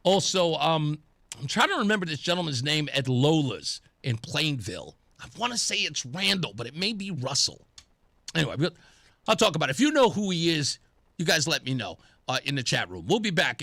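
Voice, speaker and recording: A slightly high, brisk male voice with no echo comes through a studio microphone in a radio studio. He hosts a talk show, his throat scratchy from pollen, telling stories with laughter in an animated, casual monologue.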